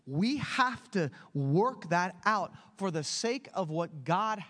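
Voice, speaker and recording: A man preaches in a notably high voice. He hammers home repeated phrases that climb in intensity. At times he eases into loose, chatty storytelling. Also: expressive, slow, a bit bright. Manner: emphatic, rising with repeated phrases. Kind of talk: impassioned preaching.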